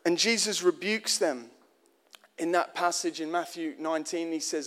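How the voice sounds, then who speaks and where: A man's voice: a little high, moderate pace, a bit bright. A man preaching a sermon in an earnest, conversational way, often restarting phrases and asking the congregation direct questions.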